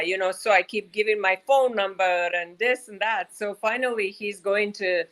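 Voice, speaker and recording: A woman fashion designer, a guest in a casual interview, talking in a relaxed way with many fillers, heard through a video call. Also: medium pitch, moderate pace, few pauses, poor audio. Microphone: video call mic.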